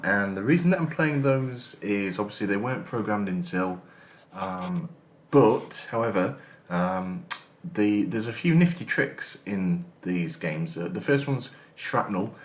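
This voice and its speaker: A man's voice: deep voice, measured pace. A man giving casual let's-play commentary as host, reading game text aloud between his comments. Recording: echoey room with faint noise.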